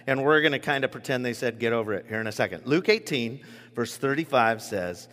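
A man preaching a sermon as pastor, in a conversational, animated manner with many restarts. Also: medium pitch, brisk. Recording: echoey hall with long reverb.

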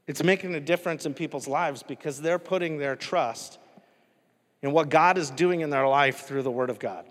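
Male pastor, casual conversational sermon, slightly high voice, long hall reverb. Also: normal speed, fairly bright tone. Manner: casual, conversational, asks the congregation questions.

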